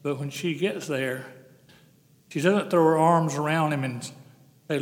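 A man preaching a sermon as pastor, earnest, slowing down to stress key phrases. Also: a little high. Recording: long hall reverb.

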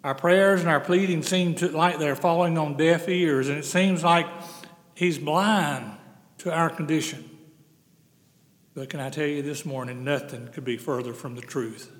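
A man preaching a sermon as pastor, earnest, slowing down to stress key phrases. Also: a little high, steady tone. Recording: long hall reverb.

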